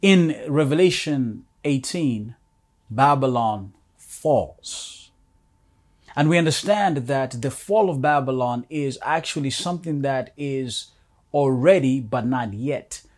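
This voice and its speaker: Slow, deliberate preaching man. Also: mid-range voice, expressive. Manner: reads scripture with rising emphasis, calls to the congregation. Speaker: pastor. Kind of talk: sermon.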